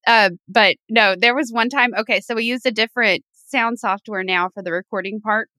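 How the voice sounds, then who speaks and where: A woman with a fairly high, bright, forceful voice co-hosts a podcast, chatting and telling stories with frequent laughs. Her voice is recorded dry and close. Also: steady tone, moderate pace, dry recording. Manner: chatty storyteller, laughs often. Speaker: podcast co-host. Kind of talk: casual chat.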